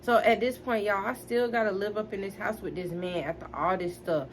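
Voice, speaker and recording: A woman in her twenties tells a personal story to her viewers in an emphatic, animated way. Her voice sits at a middling pitch. A faint hiss runs under it. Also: fairly quick. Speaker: vlogger. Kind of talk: storytime vlog.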